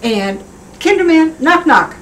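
A woman's voice: sits high, very animated, slow pace, fairly bright tone. A woman co-hosting a children's show with a light, teasing manner. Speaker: co-host. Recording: distant mic with clear hiss.

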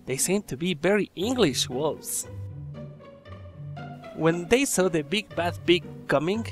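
A male storyteller with a high voice reads a children's tale aloud. His delivery swings up and down with lively pitch, and he often stops to joke with his listeners, over faint music. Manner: chatty, joking asides to listeners.

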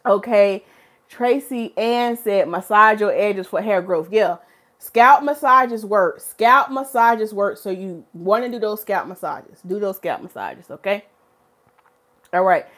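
A woman, a hair stylist hosting a casual live stream and talking to her chat in an animated, preachy way. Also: medium pitch, takes it slowly. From North Carolina, USA.

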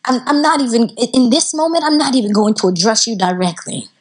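A woman's voice: fairly high pitch, fast talker, breathy edge. A woman voicing an arrogant, tyrannical king who speaks in a cold, commanding way. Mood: scornful.

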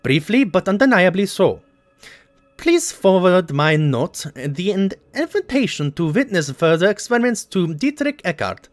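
A man's voice: high-pitched, big pitch swings, normal speed, no echo, faint music behind. A man voicing a stiff wartime official, reading a letter aloud in an exaggerated mock German accent. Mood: formal.

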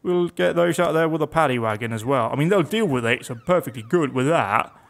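A man's voice: fairly high pitch, lively intonation, brisk. A young man giving casual, chatty commentary on a game, reading its text aloud with wry asides. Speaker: let's play gamer.

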